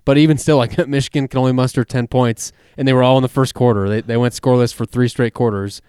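A man's voice: mid-range voice, fairly even intonation, fast talker, warm tone, clean tone, no echo, studio quality. A man co-hosting a sports talk show, breaking down games in an analytical, rambling way. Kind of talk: casual sports chat.

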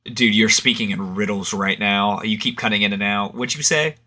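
A bright, crisp-voiced man co-hosting a casual podcast over a remote call. He jokes around with crude humor and laughs easily. The talk is loose and unscripted. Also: fairly low pitch, normal speed. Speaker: podcast co-host.

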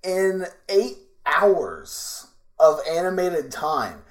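A man co-hosting a casual podcast, jumping in eagerly with excited remarks. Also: fairly high pitch, drawn-out words. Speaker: podcast co-host. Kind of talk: casual chat.

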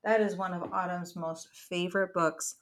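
A woman reading a picture book aloud to her small child in a gentle, encouraging way. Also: lowish voice, fairly even intonation, normal speed. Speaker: mother reading to her toddler.

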